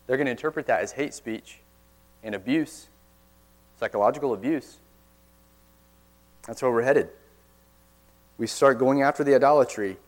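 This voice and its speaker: A man preaching a sermon in church, earnest, pressing hard on key words and then dropping suddenly quiet. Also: mid-range voice. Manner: earnest, forceful emphasis with sudden quiet drops.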